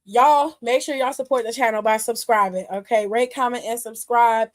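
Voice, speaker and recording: A high-voiced woman hosts a casual wrestling aftershow, sharing blunt opinions and swearing freely. She sounds loose and unscripted, talking straight to her viewers. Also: steady tone, normal speed. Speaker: wrestling show host.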